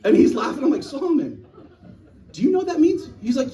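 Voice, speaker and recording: Animated male stand-up comic, heard from a distance. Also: very high voice, fairly quick. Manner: animated storytelling, acting out voices. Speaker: stand-up comedian. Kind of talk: stand-up comedy set. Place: small live venue. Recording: voice from a distance in a small room.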